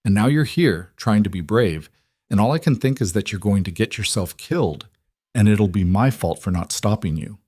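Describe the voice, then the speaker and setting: Tired guarded husband, low voice, curt and raw, as a man plays him, storybook. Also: expressive, normal speed, darkish tone, husky, dry recording, studio quality. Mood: weary. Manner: curt, then raw and cracking. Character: guarded, weary young husband.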